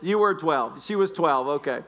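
Man, pastor, sermon, high voice, bright tone, playful jokes. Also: animated, moderate pace, a faint crowd, slight background noise. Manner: joking, playful storytelling with the congregation. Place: church sanctuary.

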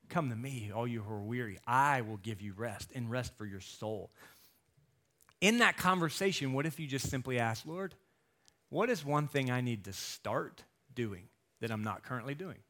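A man in his thirties or forties delivers a sermon as a guest speaker and coach. His medium-pitched voice carries lively energy as he tells stories and acts out quotes.

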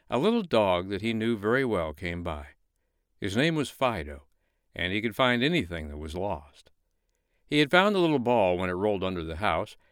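Lively male bedtime storyteller. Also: lowish voice, smooth, dry recording, studio quality.

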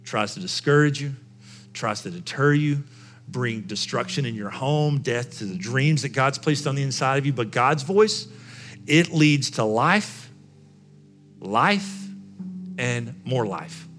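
A man's voice: medium pitch, expressive, takes it slowly, a bit bright, faint music behind. A male pastor preaching a sermon, speaking emphatically and repeating phrases for effect.

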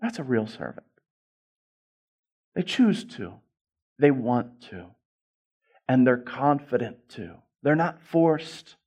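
A male pastor preaching a sermon, swinging from hushed lines to loud, rising ones and repeating key phrases for emphasis. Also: medium pitch, very animated, takes it slowly, pauses often, slightly rough.

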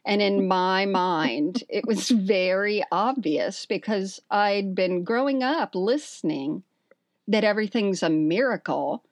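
A woman's voice: medium pitch, slow, dry recording, clean studio sound. A woman co-hosting a podcast, telling funny stories in a sarcastic, laughing, casual way. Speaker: podcast co-host. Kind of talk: casual chat.

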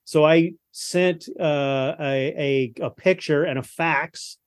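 A man's voice: on the high side, steady tone, takes it slowly. A man in his fifties from Texas, a guest telling stories in a casual interview chat, rambling with frequent restarts over a video call. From Texas, USA. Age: 50s.

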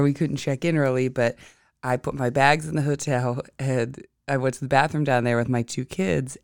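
A woman's voice: extremely low pitch, darkish tone, clear, resonant tone, no room sound, studio quality. A woman hosting an astrology podcast, telling a rambling, chatty story in a casual monologue.

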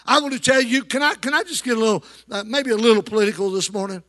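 At a quick pace, a male pastor with a very high-pitched, fairly bright voice preaches to his church. He calls for amens along the way, engaging the congregation in call-and-response.

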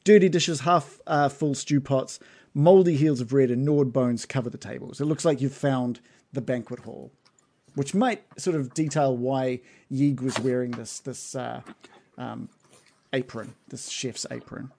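A man's voice: medium pitch, measured pace, gravelly, dark tone. A man narrating a tabletop fantasy game as game master, rambling with lots of fillers.

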